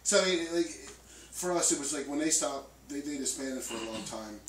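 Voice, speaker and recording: A man's voice: on the high side, animated, brisk. A man in a band, chatting casually in an interview with many fillers and restarts. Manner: loose, rambling with many fillers. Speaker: band member. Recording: roomy, distant mic, faint noise.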